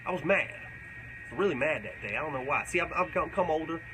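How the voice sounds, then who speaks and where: A man's voice: fairly high pitch, lively intonation, brisk, noisy background, natural voice. A man playing a crude, boastful redneck character who rambles through tall tales and swears constantly during a comedic livestream Q&A. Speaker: comedic character answering fan questions.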